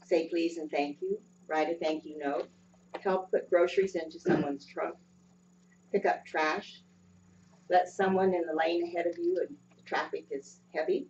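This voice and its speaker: Low-voiced woman giving a gentle sermon. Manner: gentle, unhurried, with frequent ums. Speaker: lay speaker. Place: church sanctuary. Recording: dull distant sound with faint hum.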